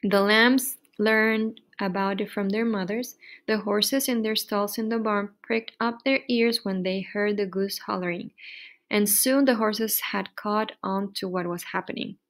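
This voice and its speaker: A woman reading a children's chapter book aloud with lively storybook delivery. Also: medium pitch, measured pace.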